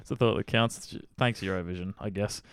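A man's voice: low-pitched, fairly quick, creaky, clean tone, dry recording. A man co-hosting a sports podcast in casual chat, joking and swearing now and then. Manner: jokey, swears, laughs a lot. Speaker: podcast co-host.

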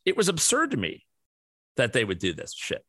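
A man's voice: medium pitch, wildly swooping pitch, normal speed, bright, forceful tone, dry recording. A man in his forties hosting a podcast, ranting animatedly in casual chat with plenty of swearing. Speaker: podcast host.

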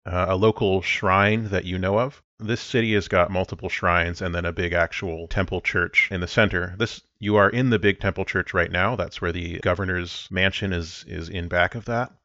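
A man runs a tabletop game as game master, narrating scenes and explaining rules in a relaxed, rambling way. His voice is very deep and dry, picked up by a voice-call mic that sounds a little dull. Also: moderate pace, hardly any pauses, dry recording.

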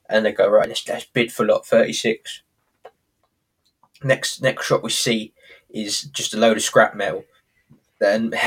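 A man chatting casually as podcast co-host, retelling a sitcom episode and acting out the characters' lines. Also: lowish voice.

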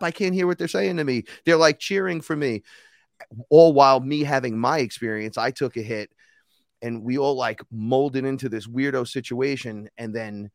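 A man's voice: mid-range voice, no echo. Profane storytelling man, dry close sound. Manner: animated, profane, acts out other people's voices. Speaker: podcast guest, rapper and shaman. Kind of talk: casual storytelling conversation.

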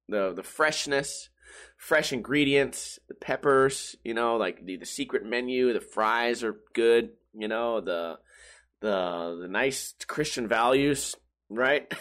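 At home, a man hosts a casual comedy podcast, ranting and joking with plenty of swearing. His mid-range voice has a fairly bright tone, and he exaggerates his stories with mock voices.

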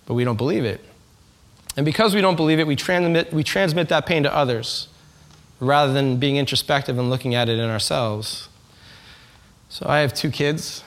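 A pastor with a slightly high, fairly bright voice speaks at normal speed before a church congregation. His sermon is conversational: he questions the people and performs the quoted voices.

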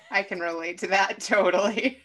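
A woman's voice: medium pitch, unhurried, fairly bright tone. Woman hosting a casual podcast. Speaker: podcast host.

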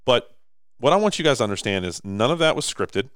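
A man in his thirties co-hosting a podcast, telling stories with lively acted-out quotes. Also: mid-range voice, fairly quick, clean tone, no room sound, studio quality. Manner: animated storyteller, acts out quotes. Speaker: podcast co-host. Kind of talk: casual podcast chat.

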